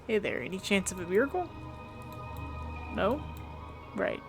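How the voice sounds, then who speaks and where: A woman's voice: medium pitch, unhurried, creaky, over music. Woman reading along in a let's play. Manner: relaxed, reads the detective's lines plainly. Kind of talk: reading game dialogue aloud while playing.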